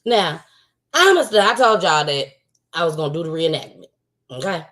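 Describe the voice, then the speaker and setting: An outspoken woman hosts a casual commentary livestream, repeating herself for emphasis. Her voice is low but swings widely in pitch, with a fairly bright tone and a normal speaking speed.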